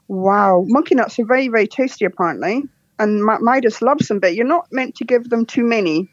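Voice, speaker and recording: A woman from Scotland with a soft, posh Scottish accent, chatting as a podcast guest, laughing often and telling jokes. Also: fairly high pitch, a little fast, no room sound, dull audio. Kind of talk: casual interview chat.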